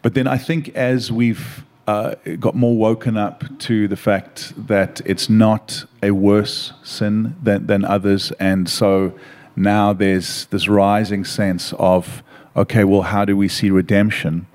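A man speaking as a pastor on a church panel, answering in a slow, measured way with frequent pauses. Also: lowish voice, flat delivery, a little mellow.

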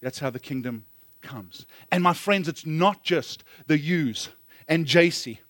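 A man's voice: a little high, unhurried, a bit bright, dry recording. A man preaching a sermon as a pastor, earnest, often repeating phrases for emphasis.

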